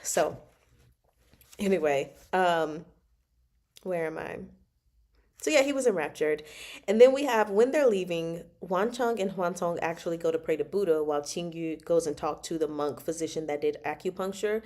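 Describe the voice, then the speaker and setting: A woman hosting a casual livestream book chat, animated and exasperated, laughing often and talking back to the characters. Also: on the low side, moderate pace. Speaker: book club host.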